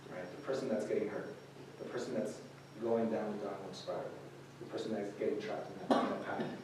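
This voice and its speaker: A man's voice: fairly low pitch, level tone, quick pace, noisy background. A man giving an informal sermon to a group, talking casually with many fillers and restarts. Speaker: youth speaker. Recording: echoey room recorded from a distance.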